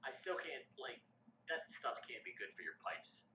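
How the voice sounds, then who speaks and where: A man of middle pitch teases his co-host in loose live stream chat. His remarks are dry and quick to poke fun. The audio is roomy and dull, with a faint hiss. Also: big pitch swings.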